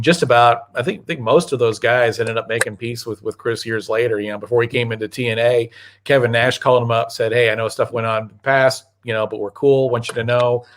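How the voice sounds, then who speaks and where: A man hosting a podcast talks fast in a casual chat. He stumbles and repeats words as he piles on details, and his voice stays at a middling pitch. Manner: halting, repeats words while adding facts.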